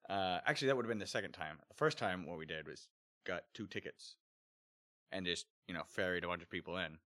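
A man co-hosting a casual chat, with a low voice and a deadpan, teasing delivery. He drifts into long anecdotes. The recording is close and dry. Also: fast talker, no echo. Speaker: podcast co-host.

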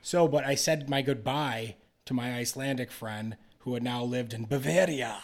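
A young man hosting a casual podcast, telling a long rambling story and acting out the people in it. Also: normal speed. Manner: rambling storyteller, acts out quotes in a higher voice. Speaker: podcast host and comedian.

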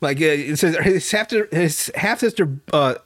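A man's voice: fairly high pitch, animated, measured pace, a bit bright. A young man hosting a podcast, recapping a TV episode in casual chat, rambling and profane, with frequent laughs and restarts. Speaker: podcast host.

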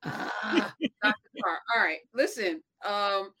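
Bright-voiced woman co-host, laughing along. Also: mid-range voice, expressive, takes it slowly. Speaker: co-host and teacher. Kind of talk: casual discussion.

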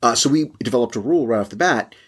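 A man co-hosting a relaxed relationship podcast with his partner, joking and laughing often. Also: medium pitch, racing, husky. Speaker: podcast co-host. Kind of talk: casual couple's chat.

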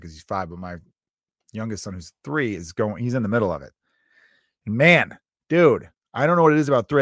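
Animated, swearing dad telling stories. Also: male voice, mid-range voice, dry recording, clean studio sound. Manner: animated storyteller, swears freely, acts out his kids. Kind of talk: casual comedic monologue.

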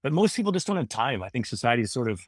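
A man in his thirties speaks earnestly as a podcast guest. His talk rambles and he often restarts sentences. His voice is mid-pitched and sounds dry and close, with no room sound. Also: big pitch swings, rapid-fire, dry recording. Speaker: guest, former radio host. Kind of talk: casual conversation.

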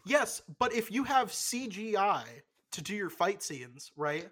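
With big pitch swings and a fairly bright, mid-range voice, a young adult co-hosts a casual podcast chat. They are blunt, opinionated and freely profane, halting loosely through lots of fillers.

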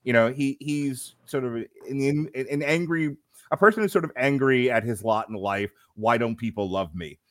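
A man's voice: medium pitch, normal speed. A middle-aged man co-hosting a podcast, chatting casually and animatedly about a film, laughing often and acting out lines. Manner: animated, laughing, acts out quotes. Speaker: podcast co-host. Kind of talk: casual film review chat.

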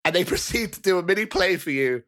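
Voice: mid-range voice, lively intonation, quick pace, fairly bright tone. A game master narrating a tabletop role-playing game in a playful storytelling manner.

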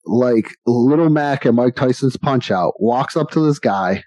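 A man's voice: medium pitch, lively intonation, measured pace, dark tone, no room sound. A man in his forties on a podcast, telling rambling stories with frequent laughs. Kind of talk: casual storytelling. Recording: dull lo-fi dry recording.

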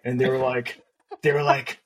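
Husky podcast guy telling a story, casual, laughs a lot, mid voice. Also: medium pitch, normal speed. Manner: laughs often, lots of fillers, animated retelling. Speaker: podcast co-host.

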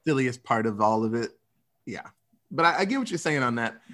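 A man's voice: medium pitch, a little fast. A man co-hosting a podcast in casual chat, rambling and acting out quotes. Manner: rambling, animated quoting. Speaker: podcast co-host.

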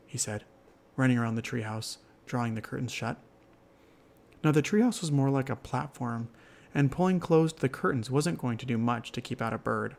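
A man narrating a children's fantasy story in a gentle, measured storybook delivery. His voice has a gravelly, creaky rasp, and his pitch sits in an ordinary middle register. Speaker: storyteller host.

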